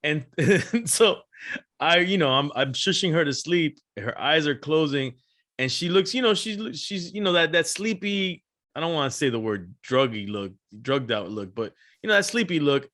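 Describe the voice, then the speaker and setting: A man co-hosting a casual podcast, telling animated stories with frequent laughs and casual swearing. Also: on the high side, moderate pace. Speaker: podcast co-host. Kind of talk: casual chat.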